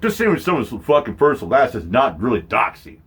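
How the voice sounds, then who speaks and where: A man hosts a stream and rants in a loose, profane way, his pitch swinging widely as he mocks people. His voice is husky. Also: huge pitch swings, normal speed, fairly bright tone. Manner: mocking, mimics others in high voices. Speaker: streamer host. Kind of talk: profane casual rant.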